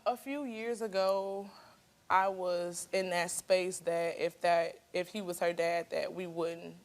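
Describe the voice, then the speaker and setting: A woman in her thirties, a guest on a television talk show, telling her story in a chatty, animated way. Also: fairly low pitch, slow. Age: 30s. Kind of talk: casual talk show conversation. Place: television studio.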